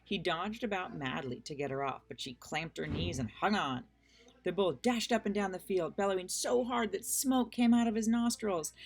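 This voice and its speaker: Woman, storybook reader, friendly, unhurried, slightly low pitch. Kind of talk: reading aloud a children's book.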